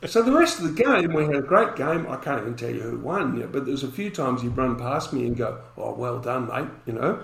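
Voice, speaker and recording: A man's voice: mid-range voice, brisk, creaky, hardly any pauses, fairly bright tone, reverberant, a little hiss or hum, rough recording. A man, a podcast guest telling a story and acting out the dialogue in it.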